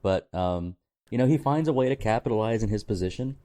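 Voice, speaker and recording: A man's voice: lowish voice, animated, a little fast, mellow. A man co-hosting a movie podcast, talking casually with many fillers and restarts. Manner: rambling, full of fillers and restarts, reads out phrases. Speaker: podcast co-host.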